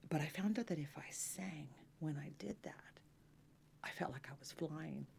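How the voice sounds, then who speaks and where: A lower-pitched woman tells childhood stories to an interviewer, her delivery animated and expressive. She is a mezzo-soprano from Los Angeles and talks freely, with a singer's ease. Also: moderate pace, gravelly, a little hiss or hum. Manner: animated, warm storytelling with lively acted quotes. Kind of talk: interview, personal storytelling.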